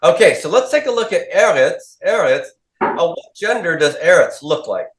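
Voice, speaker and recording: A man's voice: a little high, expressive, moderate pace. Male teacher quizzing a class. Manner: quizzing students, repeating their answers back. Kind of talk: classroom lecture with call-and-response drills. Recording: echoey classroom.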